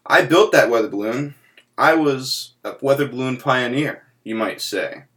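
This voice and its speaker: A man voicing his boastful old uncle, a builder who complains, loud and emphatic, that nobody credits his work. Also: medium pitch, a little slow. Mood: aggrieved boasting. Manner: proud, indignant, emphatic.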